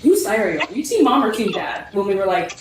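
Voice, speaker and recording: Young woman, personal testimony, halting and rambling, echoey room, mic at a distance, faint hiss. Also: mid-range voice, sing-song. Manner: rambling, many fillers and restarts. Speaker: guest telling family story.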